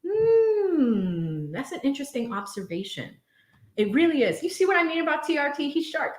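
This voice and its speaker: A woman's voice: high-pitched, big pitch swings, moderate pace, roomy sound. A young woman hosting a casual live stream from home, chatting expressively and often laughing as she reads viewer messages aloud. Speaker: livestream host reading viewer super chats.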